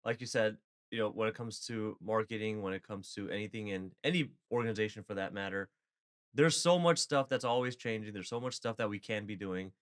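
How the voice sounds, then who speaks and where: A man's voice: on the low side, brisk. Conversational man podcast co-host. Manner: conversational, leads the topic with questions. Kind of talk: casual podcast chat.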